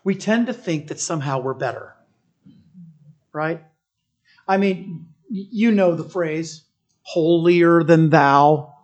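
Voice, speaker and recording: A pastor preaching a sermon. The pastor tells the story in an animated way, often checking in with listeners and restarting phrases while thinking aloud. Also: medium pitch, a little slow, long pauses, muffled recording. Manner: animated storytelling, keeps asking listeners "right?".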